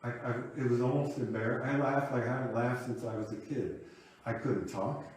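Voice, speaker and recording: Recorded at a distance in an echoing sanctuary, a man in his fifties preaches with a reflective, conversational personal story. He is a minister whose medium-pitched voice is steady, a little mellow, and slightly quick.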